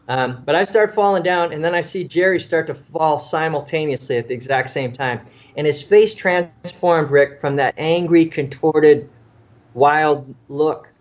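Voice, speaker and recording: A man's voice: a little high, a little slow, lo-fi sound. Earnest man telling a vivid story. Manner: earnest, vivid storytelling that acts out what people said. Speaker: interview guest, former police officer. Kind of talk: recounting a personal story in an interview.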